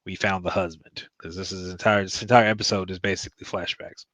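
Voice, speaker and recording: A man's voice: low voice, fairly even intonation, a little fast, bright, forceful tone, dry recording. A man giving a casual, rambling recap of a TV episode, with loose fillers as he retells the plot. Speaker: TV show reviewer.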